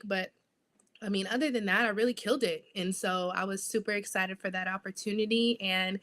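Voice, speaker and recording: Woman, young adult, interview guest, lively storytelling, casual chat. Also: on the high side. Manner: lively, animated storytelling with acted-out quotes. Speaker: interview guest, sideline reporter.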